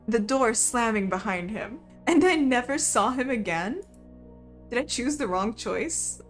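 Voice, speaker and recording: A woman's voice: on the high side, lively intonation, unhurried. A young woman streaming a game, reading a visual novel aloud with casual, wry asides and laughter. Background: faint background music.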